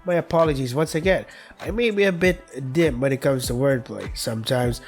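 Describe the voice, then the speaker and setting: A man's voice: medium pitch, moderate pace, natural voice. A man voicing a polite, formal male student painter who is courteous, stiff and takes things literally, read in his own everyday voice over faint background music.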